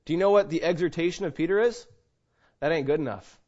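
A middle-aged male pastor preaches with a fairly high voice, acting out his stories. He jumps between loud, punchy lines and soft, hushed asides. The recording sounds dull and lo-fi. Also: fast talker. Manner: animated storytelling, swings between loud and hushed. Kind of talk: sermon.

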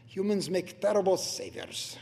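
A man putting on a Russian accent to voice a deep, drawling Russian friend, in a reverberant hall. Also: sing-song, normal speed, gravelly, dark tone, heavily acted.

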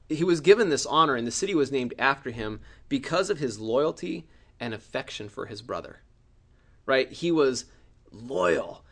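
A middle-aged man preaching a sermon, telling a personal story with acted-out cries and shouts. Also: medium pitch.

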